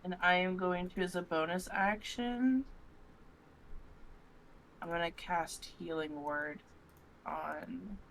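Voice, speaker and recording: Soft-spoken tabletop player, faint hiss. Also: mid-range voice, slow, pauses often. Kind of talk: casual tabletop play.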